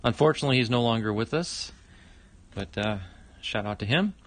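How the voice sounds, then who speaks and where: A man's voice: medium pitch, expressive, brisk. A middle-aged man hosting a casual livestream, opening fan mail, chatty and exclaiming often.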